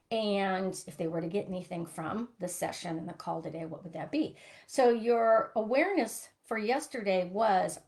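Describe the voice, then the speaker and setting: A middle-aged woman coaching listeners on money mindset, earnestly asking reflective questions. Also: fairly high pitch. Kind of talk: live coaching broadcast.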